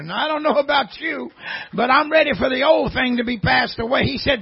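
Male guest preacher, very high husky voice, folksy jokes and shouted preaching, muffled church recording. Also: brisk. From rural Southern United States. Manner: joking folksy banter rising to shouted preaching. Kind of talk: sermon. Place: church sanctuary before a congregation.

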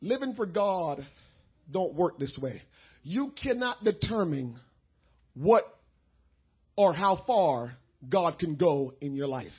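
A middle-aged male pastor preaching a sermon, swinging from quiet talk to shouting, his voice breaking with emotion. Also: a little high, expressive, slow, pauses often, slightly rough, muffled recording.

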